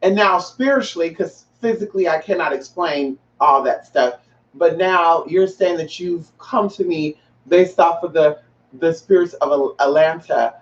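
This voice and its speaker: A woman's voice: fairly low pitch, measured pace. Sassy transgender woman, distant roomy lo-fi. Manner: sassy, profane, calls viewers honey and girl. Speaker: livestream host. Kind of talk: casual livestream chat with viewers. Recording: roomy, distant, dull lo-fi sound.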